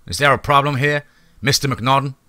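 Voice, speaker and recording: A man's voice: medium pitch, a little fast, bright, forceful tone, no room sound, voice pushed up, natural voice. A man voicing a young Union army lieutenant who speaks firmly and officiously in a storybook reading. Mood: cautious.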